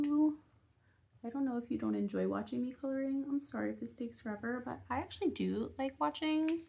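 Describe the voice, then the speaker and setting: A woman's voice: fairly high pitch, gravelly, a little mellow. A woman vlogging at home about her budgeting game, chatting casually and giggling while she colors, often dropping into a half-whisper. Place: home on a busy street.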